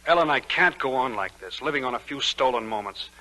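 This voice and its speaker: An ardent young lover, 1940s radio drama, fast, bright, pleading, faint hiss. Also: male voice, medium pitch, animated, poor audio. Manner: urgent, pleading, breathless romantic. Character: Newland, an ardent young man in love.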